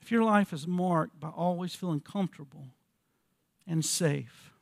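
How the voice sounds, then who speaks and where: A man's voice: fairly high pitch, unhurried, vocal fry, no echo, studio quality. A man in his fifties preaching a sermon as pastor in a church, earnest and full of rhetorical questions, often repeating his words. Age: 50s.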